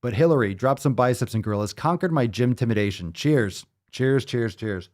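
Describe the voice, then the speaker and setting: A man's voice: mid-range voice, fairly quick, darkish tone. A man hosting a fitness podcast, reading listener messages aloud and breaking in with profane, joking asides. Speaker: podcast host.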